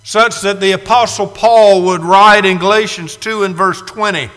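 A man in his sixties preaching a dramatic sermon, moving from hushed, slow passages to loud cries. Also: sits high, fairly even intonation. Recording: reverberant hall.

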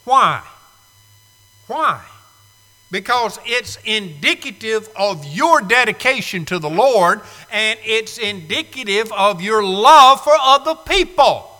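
A man's voice: high voice, expressive, takes it slowly, bright, forceful tone, big-room sound. A man preaching a sermon to a live congregation, emphatic and fond of repeating key phrases. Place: church sanctuary, live congregation.

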